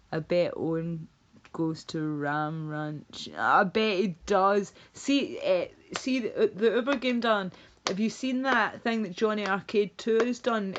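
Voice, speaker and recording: A woman livestreamer in casual, rambling chat, reading out chat messages and laughing often. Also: mid-range voice. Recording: dull lo-fi stream audio.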